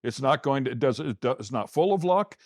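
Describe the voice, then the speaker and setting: Laughing talk-show host, dry studio sound. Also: male voice, mid-range voice, lively intonation, a little fast, dry recording. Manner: jokey storyteller, laughs often. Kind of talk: casual talk show chat.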